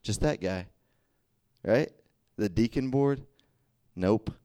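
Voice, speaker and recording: A man's voice: on the low side, slow pace, no room sound. A young man giving a casual sermon, telling stories with acted dialogue and checking in with "right?" and "okay?". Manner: animated storytelling, acts out dialogue, frequent "right?" and "okay?". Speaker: youth preacher.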